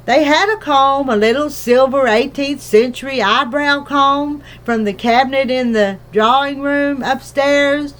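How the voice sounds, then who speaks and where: A woman reads a children's book aloud, gentle and unhurried. Her voice sits fairly high and she takes the sentences very slowly, savoring each one. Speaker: narrator.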